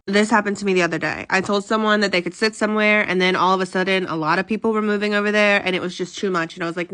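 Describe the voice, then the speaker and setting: A woman who teaches high school, giving casual advice in a chatty, sassy way with mock-sincere apologetic asides. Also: quick pace, hardly any pauses, a bit bright.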